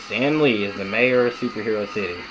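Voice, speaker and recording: A man's voice: on the low side, a little fast, music in the background, low-quality recording. Enthusiastic young man reviewing a cartoon. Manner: enthusiastic, rambling with fillers. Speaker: video reviewer. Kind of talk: casual video-essay commentary.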